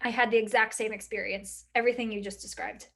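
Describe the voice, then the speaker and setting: A middle-aged woman with a fairly high voice co-hosts a casual talk. She thinks out loud in long, winding sentences, full of "like" and "you know", and breaks into animated quoted remarks. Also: fast talker, creaky. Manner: rambling and reflective, many fillers, lively quoted asides. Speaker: podcast co-host. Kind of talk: casual chat.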